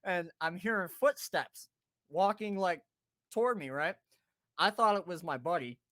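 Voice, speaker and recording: A man's voice: sits high, animated, measured pace, fairly bright tone, dry recording. A man hosting a podcast, telling a rowdy story in a casual way, swearing freely, laughing and acting out his friends' voices. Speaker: podcast host.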